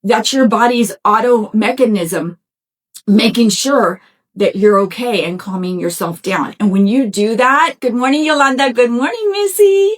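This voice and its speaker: A middle-aged woman with a slightly raised pitch speaks as a podcast host. She gives a motivational self-help talk in a warm-hearted, conversational way, addressing listeners directly and often asking "right?". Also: measured pace. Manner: encouraging and conversational, talks straight to listeners; folksy, with frequent "y'all" and "right?".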